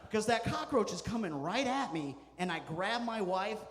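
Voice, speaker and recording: A male stand-up comedian tells stories in a deadpan way, hitting his punchlines hard. His voice sits a little high. The handheld mic picks him up in a club with a long, ringing reverb. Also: moderate pace, slight background noise. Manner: deadpan storytelling with punchy asides.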